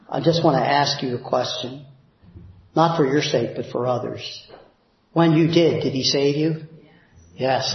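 A male pastor preaching a sermon in a church, emphatic, dropping low and soft for prayers. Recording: very echoey, dull church recording.

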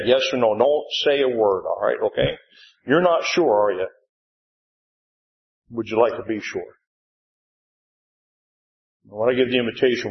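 An older man preaching a revival sermon in a church, mid-pitched, leaning on call-and-response with the congregation. The sound is roomy and a bit dull, the way a sanctuary recording comes across. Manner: call-and-response "amen?", rising to excited shouts when retelling.

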